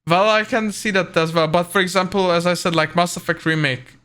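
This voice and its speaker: A man's voice: high voice, fairly even intonation, brisk, over a noisy crowd. A young man co-hosting a casual gaming podcast, enthusiastic and rambling, full of fillers. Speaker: podcast co-host.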